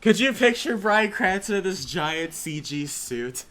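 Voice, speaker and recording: A man hosting a casual podcast chat, excitable and often acting out scenes in voices. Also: high-pitched, measured pace. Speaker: podcast host.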